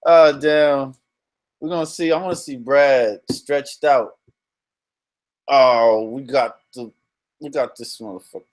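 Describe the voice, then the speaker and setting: A man's voice: medium pitch, steady tone, takes it slowly, pauses often. A young man chats on a live stream in easygoing slang, with a mid-range voice. He laughs a lot and calls out hellos to viewers as they drop in. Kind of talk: casual live-stream chat.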